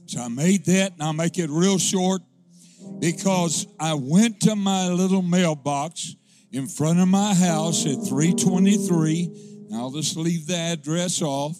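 A pastor telling a folksy, humorous testimony that rises into fervent preaching. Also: male voice, a little high, unhurried, music in the background. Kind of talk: storytelling sermon.

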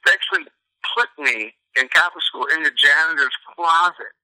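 A middle-aged man tells stories in a loud, profane, joking way. His voice is very bright and tense, and the sound is dry and close. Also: on the high side, brisk, no room sound, rough recording. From New York. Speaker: comedian guest. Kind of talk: casual interview chat.

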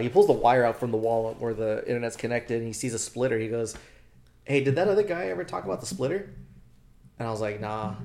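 A man's voice: mid-range voice, creaky. Slangy young man telling a story. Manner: animated, slangy, swears freely, acts out quoted dialogue. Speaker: podcast co-host. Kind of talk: casual storytelling chat.

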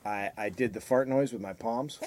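A man's voice: fairly low pitch, moderate pace, darkish tone, a little hiss or hum. A middle-aged man co-hosting a podcast, swearing freely and trading crude jokes in casual banter. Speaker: podcast co-host.

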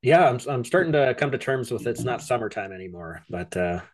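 A man's voice: mid-range voice, expressive, fairly quick, slight background noise. A man co-hosting a podcast in casual chat, easygoing and giving brief replies. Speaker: podcast co-host.

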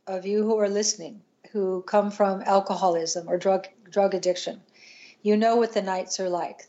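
A woman's voice: medium pitch, a little mellow, dull audio. Earnest older woman telling a story. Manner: earnest, halting, with restarts and trailing pauses. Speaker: podcast guest. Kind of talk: emotional personal storytelling.

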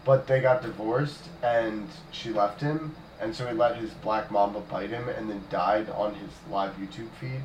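A man's voice: on the low side, fairly even intonation, a little slow, few pauses. A man bantering and telling rambling stories on a casual podcast with friends. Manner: joking, rambling storyteller. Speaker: podcast co-host. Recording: echoey room, distant mic, faint noise.

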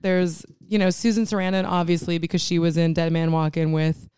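A woman's voice: lowish voice, flat delivery, brisk, a little mellow, smooth. A woman co-hosting a casual movie podcast, rambling, laughing often and swearing freely into a close mic. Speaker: podcast co-host.

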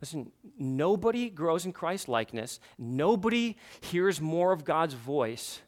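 A man's voice: fairly high pitch, big pitch swings, measured pace. A male pastor preaching a sermon in a church, earnest and repeating his questions for emphasis.

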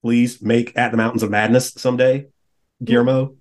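A man's voice: mid-range voice, little pitch movement, moderate pace. A man talking as a podcast guest in a casual roundtable chat, enthusiastic and laughing often as he talks.

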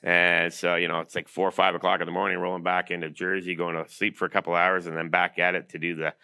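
Middle-aged guy, really low voice but bright, talks quick, lots of uhs. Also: gravelly, clear, resonant tone. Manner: fast, animated storyteller with lots of fillers. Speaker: guest, keeper of a trophy. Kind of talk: casual interview storytelling.

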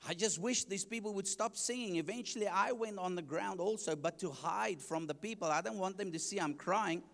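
A man's voice: sits high, brisk, vocal fry, a bit bright. A man preaching his testimony, telling the story animatedly and acting out his own past reactions. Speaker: evangelist. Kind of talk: sermon testimony. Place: church. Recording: long church reverb.

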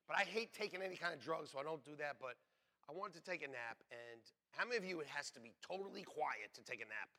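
A middle-aged man preaching a sermon, telling jokey stories with laughs along the way. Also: on the high side. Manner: joking, animated storytelling with laughs. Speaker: pastor. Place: church sanctuary.

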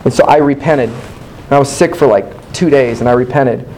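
A man preaching a sermon, telling a personal story in an animated, candid, self-mocking way and acting out his own past dialogue. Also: medium pitch, normal speed, low-quality recording.

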